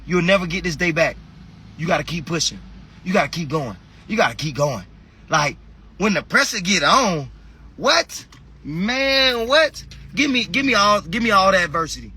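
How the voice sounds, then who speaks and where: A man giving a passionate motivational talk on a phone livestream, preachy, shifting between shouting and quiet, emotional asides. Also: high-pitched, very animated, moderate pace, a little hiss or hum. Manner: impassioned, preachy, swings between shouting and soft. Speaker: fitness motivational speaker.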